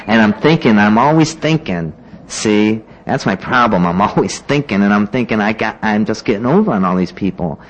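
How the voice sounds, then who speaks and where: A man's voice: on the low side, lively intonation, normal speed, dull audio. A man casually telling his own recovery story to a meeting, rambling with lots of "you know" and "like" and acting out what other people said.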